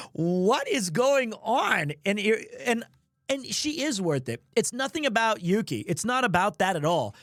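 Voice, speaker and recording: A man's voice: sits high, sing-song, moderate pace, fairly bright tone, no echo, studio quality. A man streaming, telling a funny story in a rambling, self-mocking way. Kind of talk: casual storytelling.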